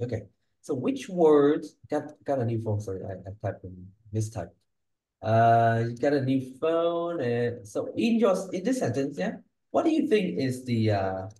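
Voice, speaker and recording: A man's voice: medium pitch, mellow. A man tutoring a student one-on-one on English speaking, giving pronunciation feedback and checking in often with "yeah?" and "okay?". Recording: echoey room.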